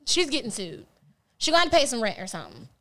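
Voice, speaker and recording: A woman's voice: a little high, fast talker. A young adult woman co-hosting a casual comedy podcast, telling stories animatedly with plenty of profanity. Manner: animated storyteller, profane, rises sharply when retelling. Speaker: podcast co-host.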